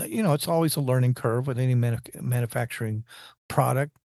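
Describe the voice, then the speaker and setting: A man's voice: medium pitch, fast talker, darkish tone, no room sound, studio quality. A man in casual technical conversation, rambling and restarting his sentences as he explains engineering ideas.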